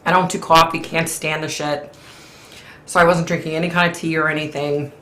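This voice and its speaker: A woman's voice: sits low, level tone, a little fast, sharp tone, echoey room. A middle-aged woman hosting a live stream from home, chatting casually in a rambling way and laughing often. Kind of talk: casual chat.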